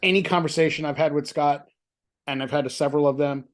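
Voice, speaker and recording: A man being interviewed about his book over a video call, telling lively anecdotes in a chatty, self-deprecating way. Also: a little high, quick pace. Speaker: author, interview guest. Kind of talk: casual storytelling chat.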